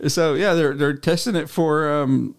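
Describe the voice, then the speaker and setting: A man's voice: on the high side, moderate pace. A man co-hosting a podcast, casually telling news stories with lots of swearing. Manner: profane, laid-back news storytelling. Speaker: podcast co-host. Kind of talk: casual chat.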